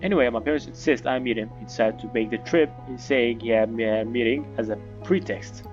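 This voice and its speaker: A man's voice: mid-range voice, fairly quick, highs cut off, soft background music, natural voice. A man reading the lines of a young woman passenger in a story game, unhappy about an arranged marriage, in his own plain voice. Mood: wistful.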